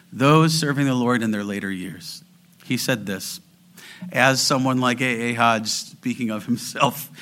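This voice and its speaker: Bright-voiced male pastor preaching earnestly. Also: medium pitch. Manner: earnest, rising to fervent exhortation; slows down and drops to near whispers for emphasis. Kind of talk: sermon.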